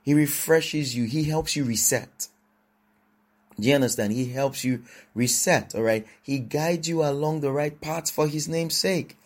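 A man preaching a sermon, reading scripture aloud and commenting on it, often repeating phrases and asking "all right?" as he swings between soft and emphatic delivery. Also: on the high side, measured pace.

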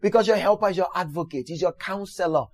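High-voiced emphatic male preacher. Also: quick pace, no room sound. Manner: emphatic, repeats phrases, asks the listeners questions. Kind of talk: sermon.

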